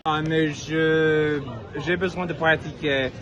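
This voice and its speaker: A man with a Quebecois French accent, speaking haltingly and searching for words with many filler sounds. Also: a little high, fairly even intonation, highs cut off. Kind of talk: halting casual chat in French. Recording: noisy crowd around.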